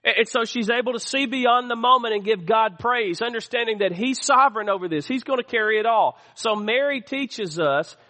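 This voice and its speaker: A man's voice: very high voice, fairly quick, few pauses, bright, forceful tone. A man preaching a sermon as pastor, calling out to the congregation for responses as he teaches. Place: church sanctuary. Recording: long hall reverb.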